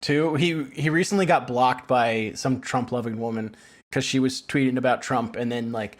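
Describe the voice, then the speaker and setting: A man's voice: mid-range voice, steady tone, moderate pace. A man co-hosting a casual podcast chat, telling stories with a laugh and mimicking the people in them. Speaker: podcast co-host.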